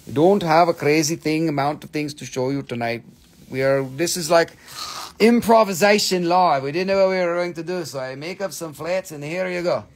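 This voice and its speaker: A man's voice: on the high side, normal speed. A man hosting a live stream sale, chatting casually and jokingly, swearing freely and tossing in silly voices. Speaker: host selling stones on a live stream. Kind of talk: casual live sales chat.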